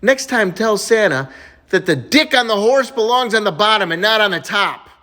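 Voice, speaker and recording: A man voicing a cheeky, excitable young boy in a told joke, lifting his voice high and eager. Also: normal speed.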